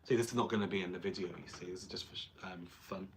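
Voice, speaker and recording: A young man talks through his drag makeup in a loose, rambling vlog chat. His voice sits fairly low, and he keeps slipping in self-mocking jokes as he goes. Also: steady tone, very fast, a little hiss or hum. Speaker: drag performer and vlogger. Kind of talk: casual vlog chat while doing makeup.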